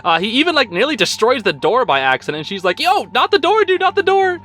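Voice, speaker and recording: A young man hosting a casual episode recap, excitable and informal, with slang and lots of fillers. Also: sits high. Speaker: host.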